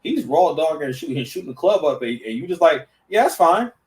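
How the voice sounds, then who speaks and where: A man's voice: on the high side, fast talker, recorded from a distance, slight background noise, rough recording. A man giving casual reaction commentary, stammering and restarting, full of slang. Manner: stammering, slang-heavy, animated.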